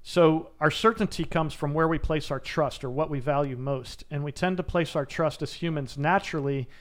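A man's voice: on the high side, normal speed. A man, a former soldier turned mental coach, answering interview questions in an earnest, emphatic coaching manner. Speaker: guest, former Navy SEAL and mental coach.

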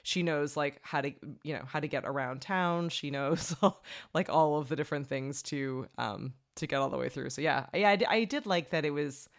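Podcast co-host, mid-range pitch, meandering and filler-heavy. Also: normal speed. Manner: rambling, many "like" and "um" fillers. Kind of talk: casual movie review chat.

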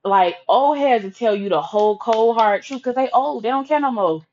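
A woman with a fairly high voice tells a candid, profane personal story in casual, animated chat. The recording sounds dull and lo-fi. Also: moderate pace. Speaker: vlogger telling a personal story.

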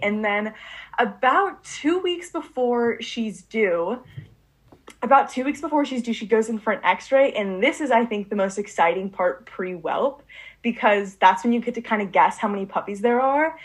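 A woman's voice: medium pitch, husky. Eager rambling teenage girl. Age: late teens. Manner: eager, rambling, frequent "like" and restarts. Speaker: interviewee, student puppy breeder. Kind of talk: casual interview storytelling.

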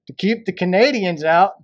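A man's voice: high voice, unhurried, no echo, dull audio. A man co-hosting a podcast, joking and laughing in casual banter. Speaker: podcast co-host.

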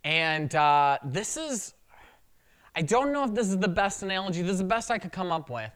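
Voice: medium pitch, animated, normal speed, a bit bright, clean tone. A pastor preaching a sermon in a conversational way, acting out quotes along the way.

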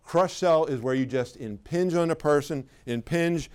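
A man's voice: on the high side, a little fast, few pauses, a little mellow, smooth. A middle-aged man giving a live sales training seminar, talking in a conversational, emphatic way and putting questions to the audience. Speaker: sales trainer for clinic owners.

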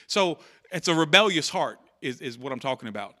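A man's voice: a little high, lively intonation, fast talker, few pauses, bright, forceful tone. A man preaching a sermon in church, talking conversationally, repeating key phrases and acting out quotes. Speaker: pastor.

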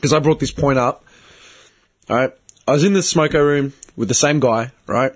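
A man's voice: medium pitch, moderate pace. A man, ranting bluntly and swearing in a casual chat as host.

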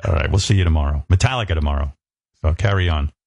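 Lively low-voiced male radio host. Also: brisk, creaky, dry recording, dull audio. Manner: self-mocking, mock-defensive, animated. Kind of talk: joking radio banter.

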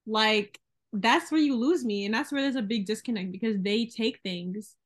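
A young woman hosts a podcast in a relaxed, casual chat. Her voice sits a little high, and her delivery is emphatic and wry as she makes her points. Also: moderate pace. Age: young adult. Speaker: podcast host.

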